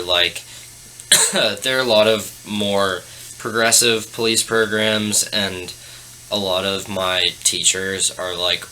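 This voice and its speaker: Low-voiced young man, bright tone. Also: rough recording. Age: young adult. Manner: hesitant, lots of fillers and restarts. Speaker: guest. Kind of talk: casual chat. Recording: faint background noise.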